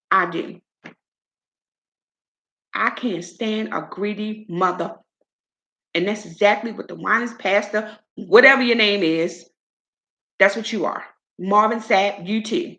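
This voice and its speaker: A woman hosting her own show, giving an outspoken, animated commentary. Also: fairly high pitch, a little slow, vocal fry, pauses often, muffled recording. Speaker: show host. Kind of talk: casual commentary monologue.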